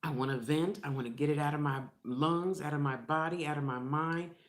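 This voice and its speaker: A woman's voice: sits low, brisk. An older woman chatting frankly into her vlog while she eats, laughing often. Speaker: vlogger. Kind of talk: casual chat while eating.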